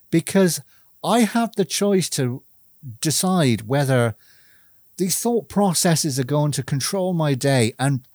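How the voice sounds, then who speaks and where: A man speaking a personal, reflective monologue to camera, earnest and measured, stressing key words through repetition. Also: a little high, a little mellow, dry recording, studio quality.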